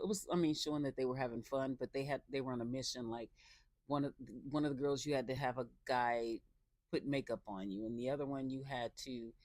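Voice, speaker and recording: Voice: mid-range voice, darkish tone, dry recording. A reality show reviewer giving a casual episode recap, talking loosely with many fillers and restarts and adding sarcastic, opinionated asides.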